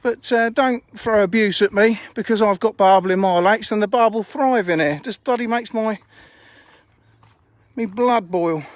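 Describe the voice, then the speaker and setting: A high-voiced man rambling on a live stream from his fishing lakes, slightly out of breath from walking. He talks bluntly and swears casually. The phone sound is close and dry. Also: moderate pace, no echo. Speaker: fishery owner streaming live. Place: outdoors at a fishing lake.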